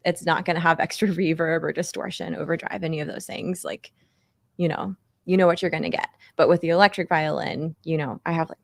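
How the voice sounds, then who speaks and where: Twenty-something woman, gravelly low voice, chatty interview talk, dry sound. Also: no echo. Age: 20s. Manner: relaxed, fillers like "like" and "you know", laughs easily. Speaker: singer-songwriter guest. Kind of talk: casual interview chat.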